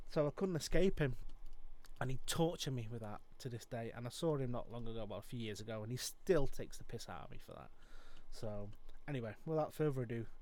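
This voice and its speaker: A man who sings and live streams, telling rambling stories in casual chat with many fillers. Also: mid-range voice.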